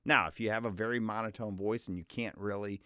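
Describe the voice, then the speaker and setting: A man's voice: lowish voice, steady tone, fairly quick, sharp tone, clear, resonant tone, dry recording, clean studio sound. A man in his forties coaching voiceover work in a loose, chatty, self-deprecating way, his voice often cracking. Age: 40s. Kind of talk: casual instructional talk.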